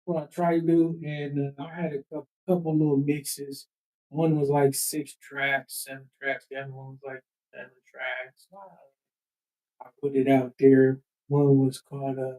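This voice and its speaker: A man's voice: medium pitch, flat delivery, a little slow, a little mellow, low-quality recording. A man who sells a street paper, chatting in an interview with lots of repeated words. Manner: rambling, repeats words, raps and beatboxes. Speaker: street paper vendor and rapper. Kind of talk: casual interview chat. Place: live event at a nonprofit office.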